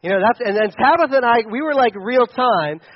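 A man's voice: very high voice, lively intonation, brisk, no echo, dull audio. A young man preaching a sermon as a pastor, conversational and storytelling, with frequent restarts. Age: young adult.

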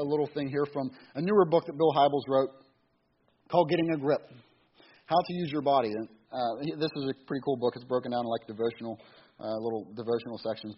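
A middle-aged man preaches a loose, wandering sermon in a husky, mid-range voice, folksily restarting and repeating words. The lo-fi recording sounds dull, with a faint hiss.

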